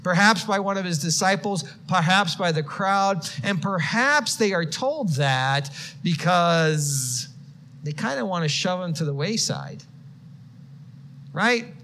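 Male preacher, expressive sermon delivery, slight background noise. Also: sits high, takes it slowly. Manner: expressive, swings from quiet to shouted quotes.

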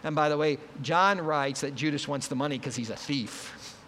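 Male pastor, slightly high voice, conversational sermon delivery that acts out the quotes, long hall reverb. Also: normal speed, a bit bright, slight background noise. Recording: long reverb, faint ambience.

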